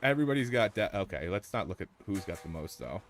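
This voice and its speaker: Low-voiced man streaming a game. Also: fast, faint music behind. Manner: excitable, jokey, talks to chat and teammates. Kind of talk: live gameplay commentary.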